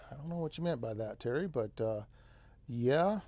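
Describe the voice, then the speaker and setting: A man's voice: medium pitch, animated, normal speed, dark tone, dry recording. A man with a central Californian accent hosting an off-grid live stream, chatting casually and rambling, often saying man and dude. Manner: rambling, easygoing, says man and dude a lot. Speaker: off-grid channel host.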